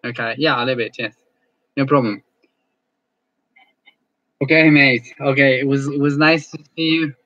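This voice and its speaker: A male English teacher chatting casually as he closes an online class, friendly and halting, often repeating words. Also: medium pitch, fairly even intonation, bright, forceful tone, dry recording, muffled recording.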